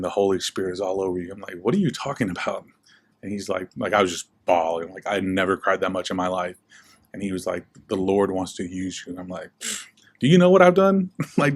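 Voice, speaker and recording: A young man with a deep voice appears as a guest speaker, telling his life story in a relaxed, chatty interview. He peppers his speech with "like" and performs the voices of the people he quotes.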